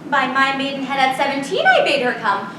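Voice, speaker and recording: A woman's voice: high voice, very animated, brisk, fairly bright tone, distant mic, a little hiss or hum. A woman playing a bawdy, chattering old nurse who rambles and giggles, acting live on a theater stage. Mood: chatty. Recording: roomy stage sound from afar.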